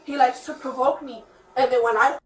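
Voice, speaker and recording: A woman's voice: high-pitched, steady tone, normal speed, reverberant, distant mic, low-quality recording. A woman giving an agitated, rambling statement to police at her home, swearing and quoting others, recorded on a body camera. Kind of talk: heated spoken account.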